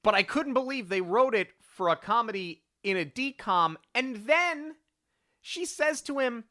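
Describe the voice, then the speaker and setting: Lively bright co-host reviewing a film, incredulous, acts out scenes. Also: medium pitch, a little slow. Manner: animated, incredulous, quotes scenes in put-on voices. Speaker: podcast co-host. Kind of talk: casual film review chat.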